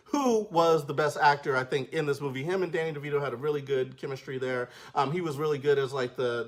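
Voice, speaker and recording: A man giving a casual film review in a slangy, animated way, often acting out scenes. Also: fairly high pitch.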